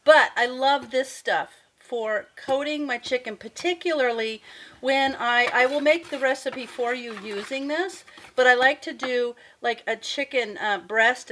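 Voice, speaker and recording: A woman's voice: on the high side, fairly bright tone, a little hiss or hum. A woman hosting her own cooking channel, chatting in a friendly way as she explains each step of a recipe in her home kitchen. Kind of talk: casual cooking demonstration.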